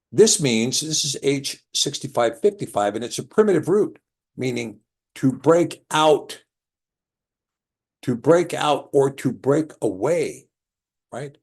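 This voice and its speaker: A man with a low, husky voice leads a scripture lesson. He explains slowly and repeats key words to let them sink in. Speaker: Bible teacher. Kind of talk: scripture lesson with a drawing board.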